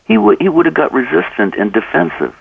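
A man's voice: on the high side, big pitch swings, fairly quick, creaky, slightly rough, no room sound, recorded from a distance, phone-quality sound. A man being interviewed, earnestly telling anecdotes and acting out the conversations in them. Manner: earnest, acts out dialogue in anecdotes. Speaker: author and coach, interview guest.

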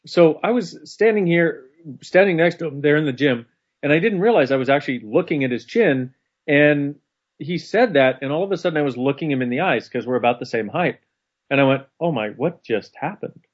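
A man telling a personal story in a casual, animated conversation, laughing often. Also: a little high, a little fast. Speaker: co-host. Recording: dull lo-fi sound.

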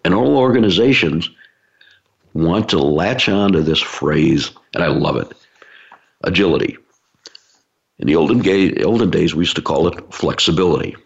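Low gravelly man explaining with analogies. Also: normal speed, pauses often. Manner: explanatory, uses everyday analogies, frequent fillers. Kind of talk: talk to business audience. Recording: dull lo-fi recording.

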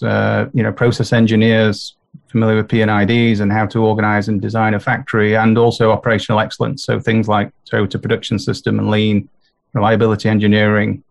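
A man on a business podcast panel introducing himself, self-deprecating and halting, with many restarts. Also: lowish voice, creaky. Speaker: podcast guest.

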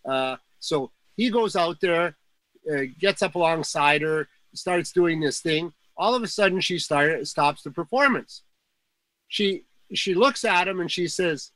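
Chatty older man, bright and dry. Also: a little high, unhurried, no room sound, low-quality recording. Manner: rambling, many fillers and restarts. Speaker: guest storyteller. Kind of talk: casual anecdote telling.

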